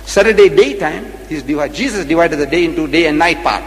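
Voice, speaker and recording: A man's voice: a little high, lively intonation, brisk, long reverb tail, slight background noise. A man giving a rhetorical religious lecture to an audience, repeating phrases and firing questions at them. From South Africa. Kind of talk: public religious debate lecture.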